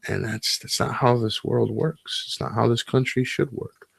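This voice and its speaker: A man's voice: mid-range voice, steady tone, normal speed, gravelly, husky, no room sound, studio quality. A man co-hosting a casual late-night podcast, opinionated and crude, often restarting his sentences. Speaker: podcast co-host. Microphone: webcam setup.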